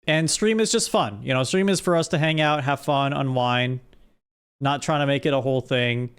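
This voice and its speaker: A man's voice: mid-range voice, moderate pace, fairly bright tone, clear, resonant tone. A man streaming live, chatting casually with his audience and often restarting his sentences. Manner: rambling, with frequent restarts.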